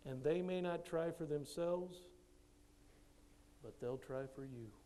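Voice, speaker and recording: High-voiced animated male speaker. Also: slow, slight background noise. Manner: animated storyteller who acts out dialogue. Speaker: motivational speaker and coach. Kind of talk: motivational speech to teachers.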